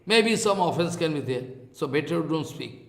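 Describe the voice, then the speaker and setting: A man with an Indian accent giving a spiritual discourse, halting and repeating his phrases, now and then chanting verses. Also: fairly high pitch, expressive, gravelly, reverberant. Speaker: scripture teacher. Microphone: online talk.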